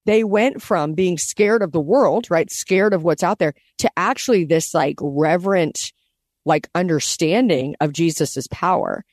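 Animated woman co-hosting a Bible podcast. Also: fairly low pitch, measured pace, no room sound, studio quality. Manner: animated, acts out scenes with lively quoted voices. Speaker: podcast co-host. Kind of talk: casual Bible-study podcast chat.

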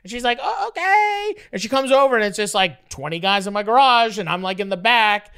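Man from Canada, podcast guest, rambling storyteller, smooth clear voice, animated. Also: high voice, fast. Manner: rambling, animated, acts out voices in his stories. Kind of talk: casual storytelling.

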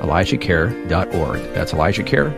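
Male radio host, lowish voice, gentle, with music underneath. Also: animated, brisk, creaky. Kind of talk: radio interview. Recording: radio studio with music bed.

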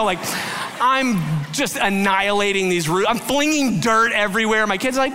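A man's voice: high voice, normal speed, bright, forceful tone, in a large hall, a little hiss or hum. A male pastor preaching a candid sermon, telling a personal story in loose, filler-heavy talk and acting out quotes.

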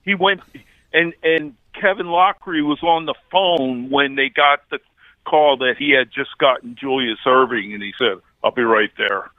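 A man's voice: medium pitch, moderate pace, no room sound. Male caller, 60s, rambling reminiscer, phone-line audio. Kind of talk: call-in chat.

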